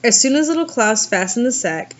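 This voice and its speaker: A woman reading a fairy tale aloud, shifting her pitch and pace to act out the characters. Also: expressive, a little fast, highs cut off. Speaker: reader.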